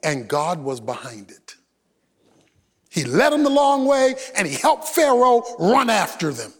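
A man preaching a sermon as pastor, emphatic and animated, swinging between loud bursts and hushed asides. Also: high voice, unhurried, breathy edge, big-room sound.

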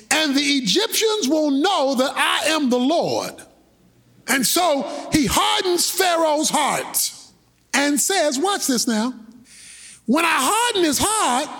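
A man preaches with a high, husky voice. He talks slowly and deliberately, with colloquial asides and sudden shouted bursts. His pitch swings widely as he drives each point home. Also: sing-song. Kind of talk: sermon.

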